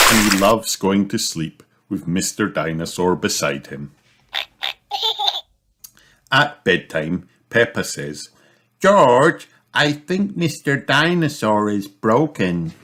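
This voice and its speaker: A man reading a children's picture book aloud with slow, expressive storytelling. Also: sits low. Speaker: storybook reader.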